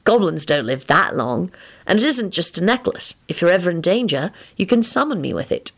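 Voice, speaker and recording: An earnest, sheepish young man, soft-spoken and devoted, read by a woman. The voice stays close to the reader's own low tone, with only a slight change in colour. It is a gentle storybook reading rather than a strong character voice. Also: very animated, moderate pace. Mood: knowing.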